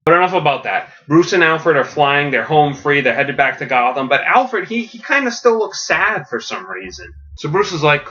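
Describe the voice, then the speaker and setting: A man on a podcast retelling a comic story as a comedic pitch, animated and laughing at his own jokes, with quick character voices. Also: a little hiss or hum. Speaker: podcast host. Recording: dull lo-fi audio.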